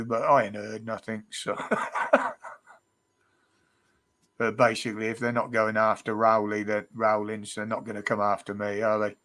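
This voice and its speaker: A man's voice: lowish voice, a bit bright. A man hosting a casual livestream chat, rambling, laughing and cheeky. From United Kingdom. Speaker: livestream host.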